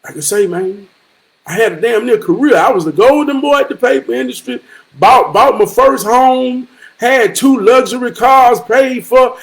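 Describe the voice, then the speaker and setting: A man in his forties telling a personal story in an emphatic, profane way, moving from low and reflective to loud outbursts. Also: moderate pace, vocal fry, rough recording. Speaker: vlogger.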